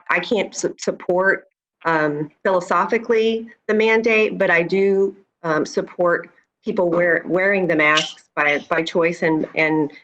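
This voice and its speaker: A woman commissioner giving her view at a public meeting, hesitant with many pauses and restarts. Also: on the low side, fairly bright tone. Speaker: county commissioner. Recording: dull lo-fi sound.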